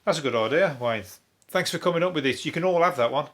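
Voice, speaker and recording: A man's voice: on the high side, expressive, fast, a bit bright. A man, a comedian hosting a solo news review podcast, talking in a rambling, heavily sweary way and laughing at his own jokes. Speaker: podcast host.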